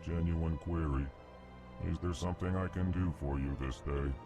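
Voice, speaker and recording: A man voicing a calm, formal elephant-like alien ambassador in a video game, in a flat monotone that labels every emotion. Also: extremely low pitch, normal speed, over music. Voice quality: flat monotone, names each emotion before speaking.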